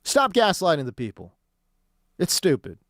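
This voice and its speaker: A man's voice: fairly high pitch, huge pitch swings, normal speed, fairly bright tone, no echo, studio quality. A man hosting sports talk radio, ranting in a heated, exasperated way and hammering his points with repetition.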